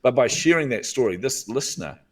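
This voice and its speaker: A man's voice: mid-range voice, fairly quick, far from the mic. A man with a New Zealand accent, a guest coach telling stories earnestly in a podcast interview. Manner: earnest, animated storyteller.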